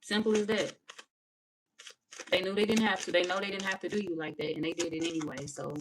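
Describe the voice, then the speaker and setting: Brash woman tarot reader, lower voice, cussing and laughing through a live reading. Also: fairly quick, background noise. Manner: brash, profane, animated, laughing.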